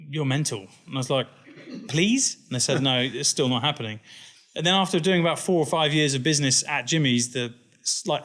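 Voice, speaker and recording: A man, a company founder chatting as an interview guest and acting out the people in his stories with a laugh. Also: medium pitch. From England. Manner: animated, laughing storyteller who acts out quoted people. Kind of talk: casual interview storytelling.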